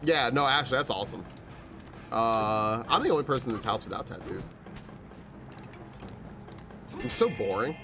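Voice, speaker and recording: A man's voice: mid-range voice, big pitch swings, over music. Rambling, laughing male game streamer. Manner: rambling, swears freely, laughs a lot, quick asides. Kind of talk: casual gameplay chat with storytelling. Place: at home.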